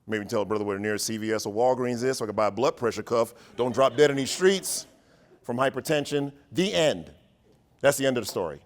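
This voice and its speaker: A man leading a workshop for educators, telling a playful, animated story and joking with his audience. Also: medium pitch, fast talker.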